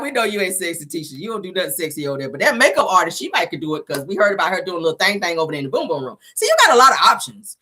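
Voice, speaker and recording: A sassy woman dishes a reality show recap in casual gossip, laughing often and acting out the quotes. Her pitch swings all over, her tone is bright and sharp, and her voice has a husky edge.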